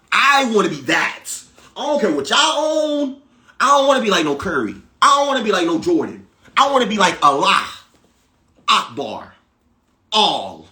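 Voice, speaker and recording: Man, spiritual teacher: bright, high voice; preachy, emphatic delivery with repeated lines and sudden loud bursts. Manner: swings from loud exclamations to low, quiet asides. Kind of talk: motivational spiritual monologue.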